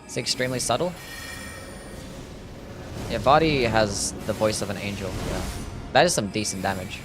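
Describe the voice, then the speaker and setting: A man with a mild Australian accent streaming a game and chatting casually with viewers in a relaxed, jokey way. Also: on the low side, normal speed, music in the background. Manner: relaxed, jokey, reads and answers chat. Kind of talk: casual live-stream chat while gaming.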